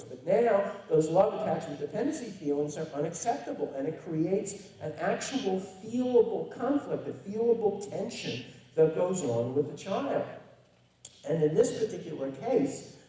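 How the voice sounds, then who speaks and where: Here a man with a fairly high voice lectures parents publicly, spinning his points into wry, chatty stories punctuated by emphatic stress. The mic picks him up from a distance, so the sound carries the heavy echo of a large hall.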